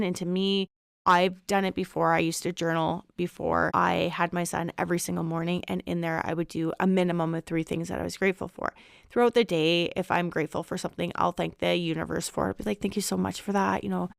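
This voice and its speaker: Gravelly-edged, smooth-voiced woman host. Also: fairly low pitch, no echo, studio quality. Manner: candid, reflective monologue. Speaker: podcast host. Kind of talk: casual personal reflection.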